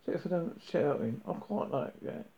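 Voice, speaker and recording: A man voicing a dim-witted alien guard who answers slowly and haltingly. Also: on the high side, lively intonation, vocal fry, breathy edge, pitched above the performer's own voice, exaggerated voice. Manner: slow, dull-witted, hesitant. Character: dim, sluggish male alien guard, a Vogon. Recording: dull lo-fi recording.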